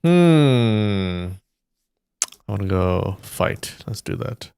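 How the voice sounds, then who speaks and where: A man streaming live, thinking aloud and slowly sounding out syllables as he works through a word puzzle. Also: lowish voice, lively intonation, gravelly, a little mellow, clean tone, dry recording. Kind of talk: casual muttering while solving a word puzzle.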